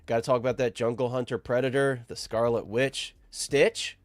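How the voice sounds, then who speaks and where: A man's voice: mid-range voice, flat delivery, normal speed. A sick man hosts a live stream, his voice nasal and stuffed up. He keeps an upbeat, friendly patter as he greets viewers by name. The sound is dry and close, with no room echo. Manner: upbeat, shouting out chat viewers. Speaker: host.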